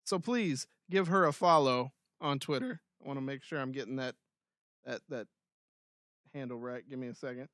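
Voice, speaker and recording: A man co-hosting a podcast in casual banter, upbeat as he plugs merch and gives listener shout-outs. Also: medium pitch, moderate pace, no room sound, studio quality. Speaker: podcast co-host.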